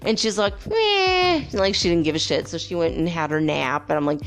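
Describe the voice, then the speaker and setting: Woman, lowish voice, chatty vlog storytelling, rambling, faint music behind. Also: quick pace. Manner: animated, rambling, with playful whoops and laughs. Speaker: vlogger. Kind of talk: casual storytelling to viewers. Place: home by the Pacific.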